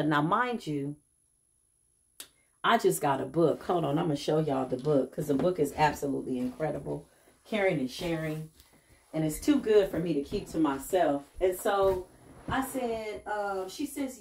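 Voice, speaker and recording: A woman's voice: fairly low pitch, expressive, moderate pace, a little mellow. A middle-aged woman, a self-described healer, telling a casual vlog story and acting out the people she quotes, calling viewers y'all.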